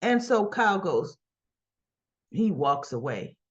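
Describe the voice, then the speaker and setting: A woman's voice: on the low side, sing-song, slow, muffled recording. A woman hosting a soap opera recap, telling the episode in a chatty storytelling way. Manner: chatty, storytelling with "and so she goes". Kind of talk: casual retelling of soap episode.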